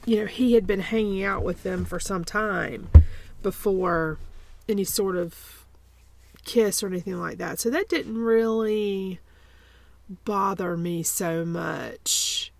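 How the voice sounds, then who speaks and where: A woman's voice: medium pitch, slow, vocal fry. A woman co-hosting a podcast in casual chat, often hesitant and repeating her words as she thinks aloud. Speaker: podcast co-host.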